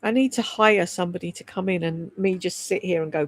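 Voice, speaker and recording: A woman's voice: fairly low pitch, brisk, no room sound. A woman in her sixties chatting from home on a livestream, swearing freely, laughing often and rambling candidly. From United Kingdom. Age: 60s. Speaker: livestream host reading chat. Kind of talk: casual chat on a livestream.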